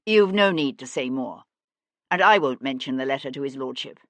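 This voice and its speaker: A woman narrator voicing a composed, earnest young gentlewoman in an audiobook, speaking in a measured, pleading way. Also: extremely low pitch, lively intonation, no room sound.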